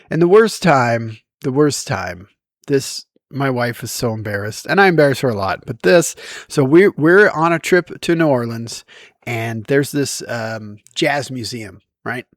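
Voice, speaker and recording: A man telling embarrassing stories to camera in a casual, self-deprecating way, with lively bursts when he quotes himself. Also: medium pitch, unhurried, dry recording, studio quality. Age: adult. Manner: animated, self-deprecating, with bursts of loud quoting. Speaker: vlogger. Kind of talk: casual storytime monologue. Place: outdoors in daylight.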